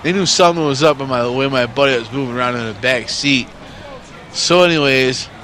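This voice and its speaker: A man's voice: mid-range voice, a bit bright, slight background noise. A man in his forties from New York State telling a story casually, rambling and swearing constantly. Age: 40s.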